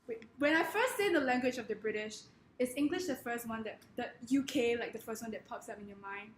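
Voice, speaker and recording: A woman giving a comedic presentation in a wry, deadpan manner. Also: a little high, fairly quick, roomy sound, a little hiss or hum.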